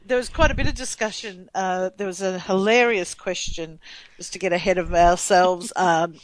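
A woman's voice: on the low side, steady tone, moderate pace, poor audio. A woman co-hosting a podcast in casual chat, rambling with lots of fillers and frequent laughter. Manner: chatty, laughing often, rambling with many fillers. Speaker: podcast co-host.

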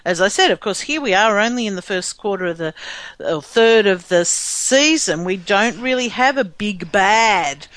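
A woman's voice: mid-range voice, lively intonation, normal speed, a bit bright, dry recording. Aussie woman chatting about a tv show, lots of ums, dry close sound. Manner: chatty, hesitant with many ums, laughs often. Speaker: podcast co-host. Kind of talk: casual chat about a TV episode.

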